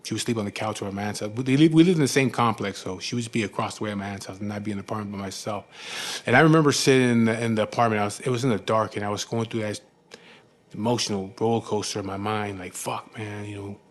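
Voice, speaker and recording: A man frankly telling the story of his own past, in rough, profane speech full of "you know what I mean". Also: lowish voice, racing. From California. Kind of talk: candid personal storytelling.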